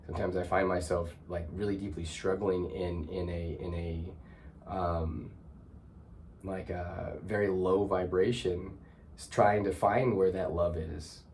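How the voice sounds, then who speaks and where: A man's voice: low voice, fairly even intonation, measured pace, darkish tone, slight background noise. A man hosting a heartfelt conversation, talking in a reflective, searching way with many restarts. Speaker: host.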